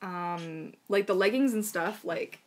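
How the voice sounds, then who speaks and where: A woman's voice: mid-range voice, slow pace, a little hiss or hum. A woman hosting a casual live Q&A stream as a mermaid tail maker, chatty and bubbly, with lots of fillers and frequent laughter.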